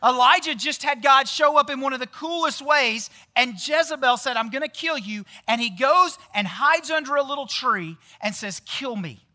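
A man's voice: very high-pitched, expressive, moderate pace, few pauses, pushed and bright. A man giving a casual sermon, chatty and often quizzing the audience with questions. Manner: chatty, often tags lines with "right?". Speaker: pastor.

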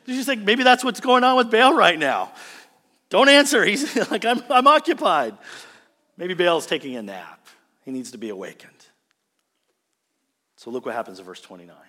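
A man preaching a sermon as a pastor, animated and conversational, often checking in with his listeners. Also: fairly high pitch, in a large hall. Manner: animated, conversational, asks the congregation "right?".

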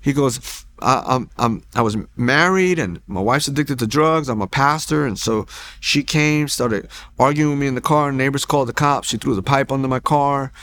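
A man telling his personal faith testimony at a church, in a casual, animated storytelling way that acts out quoted lines, with frequent restarts. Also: mid-range voice, moderate pace, a little hiss or hum. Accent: Texan. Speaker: testimony speaker.

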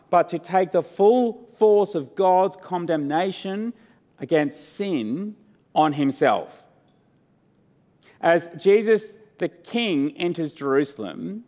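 A man preaching an earnest, unhurried sermon as pastor, rising in emphasis and then softening into a hushed prayer. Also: fairly high pitch. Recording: long hall reverb.

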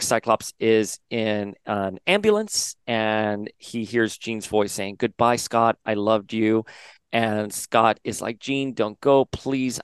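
Guy on a podcast chatting through a comic recap, smooth voice, dry sound. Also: fairly low pitch, dry recording. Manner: chatty, reads out character lines in quick paraphrase. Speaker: podcast host. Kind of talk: casual comic book recap.

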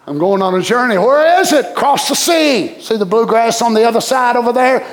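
A man voicing an aged male apostle who is calm and unafraid of death, in a homely drawl. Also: very high voice, a little fast, voice pushed up. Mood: serene.

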